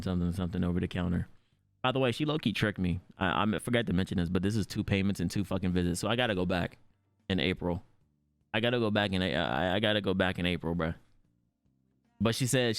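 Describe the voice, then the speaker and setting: A young man streaming, telling a story in casual chat with lots of swearing, swinging from loud outbursts to low mutters. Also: clear, resonant tone, no room sound.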